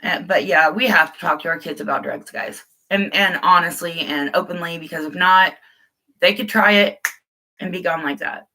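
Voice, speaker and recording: A middle-aged woman hosts a casual live stream, rambling openly and calling her viewers guys. Her voice sits a little low but sounds bright and forceful. She talks loosely, with restarts and asides to the viewers. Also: normal speed, slight background noise, poor audio. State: tearful at times. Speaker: livestream host.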